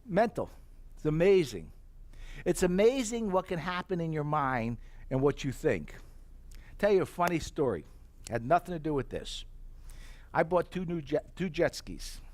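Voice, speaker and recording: A middle-aged man giving a live sales pitch for tableware, an animated storyteller who acts out his own reactions. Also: normal speed, long pauses.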